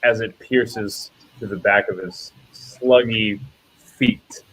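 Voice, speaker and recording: A man's voice: fairly low pitch, fairly even intonation, slow, fairly bright tone, breathy edge, poor audio. Easygoing male game master. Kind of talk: narrating a tabletop game.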